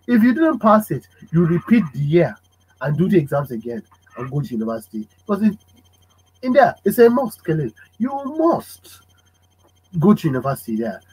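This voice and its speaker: A man hosting a casual podcast chat, animated and fond of acting out parents' voices. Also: fairly high pitch, normal speed, slightly rough, rough recording. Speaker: podcast host.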